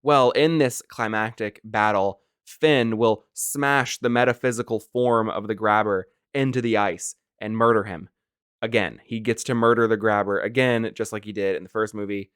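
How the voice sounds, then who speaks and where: A man's voice: on the low side, fairly even intonation, normal speed, fairly bright tone, clean tone, dry recording, clean studio sound. Sarcastic man reviewing a movie. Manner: sarcastic, exasperated, with many filler "like"s. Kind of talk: casual film review commentary.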